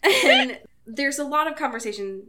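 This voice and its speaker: A woman's voice: sits high, animated, normal speed, very noisy. A young woman co-hosting a casual podcast chat, sarcastic, swearing freely and saying "like" constantly. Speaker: podcast co-host.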